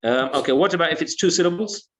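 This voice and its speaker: A man's voice: fairly high pitch, quick pace. A male English teacher giving an online lesson, patiently repeating words and saying "yeah" often.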